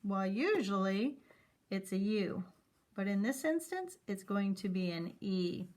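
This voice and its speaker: Slow, patient woman teaching phonics. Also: mid-range voice, expressive, a little mellow. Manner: slow, clear sounding-out of letter sounds; encouraging teacher talk to children. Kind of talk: phonics lesson for young students.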